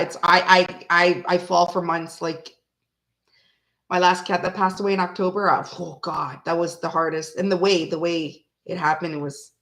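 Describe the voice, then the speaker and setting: Chatty woman rambling at home. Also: fairly low pitch. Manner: chatty and rambling, breaks into humming and singing song snippets; talks softly and affectionately to her cat. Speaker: tarot reader and channel host. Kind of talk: casual chat on a live reading.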